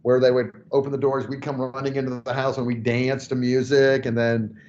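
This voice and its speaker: A man's voice: medium pitch, level tone, a little fast, darkish tone. Man, podcast host, conversational, muffled sound. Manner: rambling, conversational with fillers. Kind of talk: casual interview. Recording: dull lo-fi audio.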